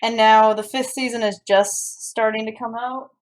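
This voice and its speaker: Chatty young woman with a high voice. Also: fairly even intonation, normal speed. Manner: chatty and rambling, with frequent restarts. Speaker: streamer. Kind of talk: casual chat while cooking and reading chat. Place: home kitchen.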